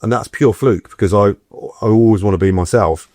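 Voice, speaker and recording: Here a middle-aged actor talks at normal speed with a fairly low pitch, recounting stories as a guest in an easygoing interview. He's lively, doing the voices of those he quotes, in studio-quality audio free of room sound.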